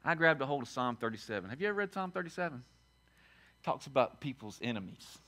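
A man preaching a sermon as pastor, emphatic and repetitive, swinging from shouted lines to quiet asides. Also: mid-range voice, big pitch swings, a little fast. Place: church sanctuary.

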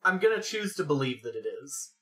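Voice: mid-range voice, very animated, fairly quick, pushed and bright. A podcast co-host in casual chat, playfully dramatic and mock-indignant while rating things.

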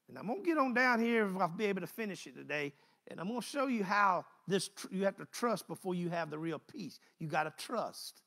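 A man's voice: high-pitched, lively intonation, a little fast, vocal fry, bright, forceful tone. A man preaching a conversational sermon, folksy and repeating phrases in driving bursts.

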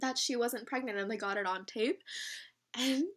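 Teen girl vlogger, super high bright voice, says like and oh my god nonstop. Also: a little fast. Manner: gushing, peppered with "like" and "oh my god". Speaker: vlogger pulling a prank call. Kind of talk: casual phone chat.

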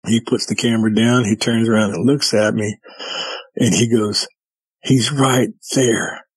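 A man's voice: fairly low pitch, flat delivery, normal speed, husky, low-quality recording. A man, a guest, casually telling a story in vivid detail and acting out what people said. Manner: vivid retelling with quoted dialogue.

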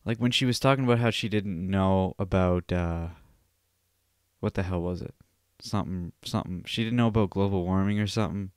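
A man's voice: deep voice, fairly quick, clear, resonant tone, no room sound, clean studio sound. A young man hosting a solo podcast, ranting and telling stories in a rambling, profane way. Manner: profane, rambling, animated storytelling. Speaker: podcast host.

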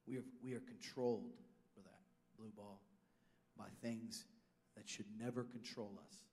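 A pastor preaching a sermon, swinging from loud declarations down to hushed asides. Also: male voice, lowish voice, steady tone, unhurried.

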